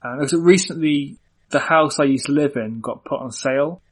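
A man's voice: a little high, moderate pace, breathy edge. A young man from Ireland, chatting casually on a podcast and rambling with lots of fillers. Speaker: podcast co-host. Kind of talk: casual chat.

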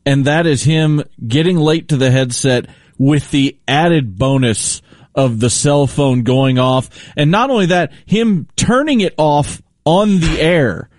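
A man co-hosting a sports radio show, chatting in a lively, casual way. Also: on the high side, unhurried, no room sound, studio quality.

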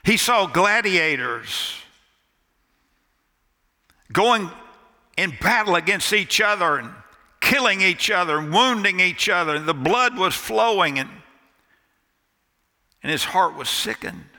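Slow, bright-voiced pastor in a reverberant church. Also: male voice, high-pitched, lively intonation. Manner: dramatic storyteller with pauses and emphatic drops to near quiet. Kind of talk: sermon storytelling. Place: church sanctuary. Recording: long reverb of a church hall.

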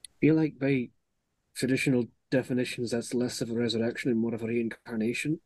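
A man's voice: mid-range voice, level tone, fairly quick, darkish tone, no room sound. A man playing a tabletop role-playing game, making casual joking asides to the game master. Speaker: player.

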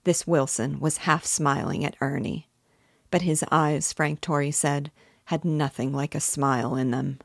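A woman narrating a novel aloud in a steady, measured way. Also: low-pitched, creaky, no echo, clean studio sound.

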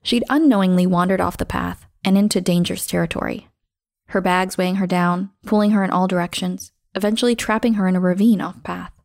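A woman hosting a show, reading a scripted story in a measured, expressive way that slows down for emphasis. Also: lowish voice, creaky, no echo, clean studio sound. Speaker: podcast host and narrator.

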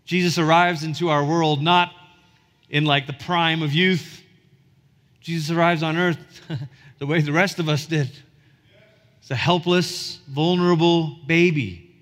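High-voiced pastor preaching in a hall. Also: male voice, measured pace, long pauses, fairly bright tone. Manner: earnest, building to emphatic peaks. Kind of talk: sermon. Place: church sanctuary. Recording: reverberant hall.

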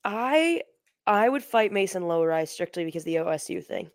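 A woman's voice: on the low side, lively intonation, fairly quick, no echo, studio quality. A woman co-hosting a sports podcast, chatting casually and joking, with lots of ums and restarts. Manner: joking, rambling, frequent ums. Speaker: podcast co-host. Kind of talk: casual chat.

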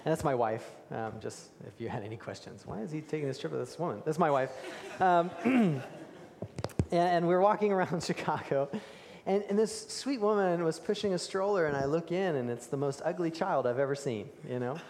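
A man preaching a sermon, telling the story with animated emphasis and dropping to hushed tones for key moments. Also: fairly high pitch, moderate pace, slight background noise. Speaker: pastor. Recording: reverberant hall.

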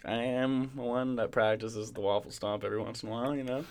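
A man's voice: medium pitch, fairly even intonation, brisk. A young man co-hosting a podcast, rambling in casual banter, laughing often and swearing a lot. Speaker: podcast co-host.

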